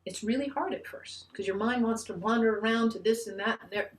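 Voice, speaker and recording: Woman minister, sermon, fairly high voice, earnest, encouraging, restarts phrases. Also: a little fast. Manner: leads the congregation in a call-and-response chant. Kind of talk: online church sermon.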